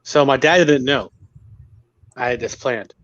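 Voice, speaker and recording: A man telling friends a story at an easy pace, quoting people and pausing on small fillers. His voice sits mid-range. The sound is dry and slightly muffled. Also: mid-range voice, a bit bright, dry recording. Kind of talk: casual chat.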